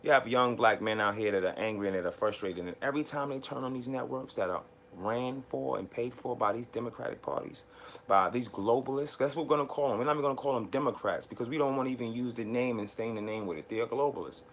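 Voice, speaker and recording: A man from the United States hosts a live one-on-one show, ranting hard and cursing freely. He hammers his points by saying them again and again, at a middling pitch for a man. Faint noise sits behind his voice. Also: quick pace, a bit bright. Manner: heated, profane, repetitive. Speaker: host. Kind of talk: live political rant.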